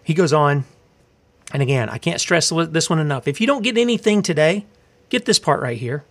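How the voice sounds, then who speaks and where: A man's voice: a little high, animated, normal speed, fairly bright tone. A man preaching a sermon, fiery and confrontational, asking rhetorical questions and reading scripture aloud.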